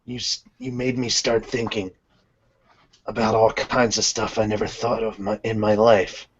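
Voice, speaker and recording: A man voicing gruff dying Gajeel. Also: on the low side, flat delivery, moderate pace. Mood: tender. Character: gruff young male iron dragon slayer, dying. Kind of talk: amateur manga read-along dub. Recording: dull lo-fi podcast audio.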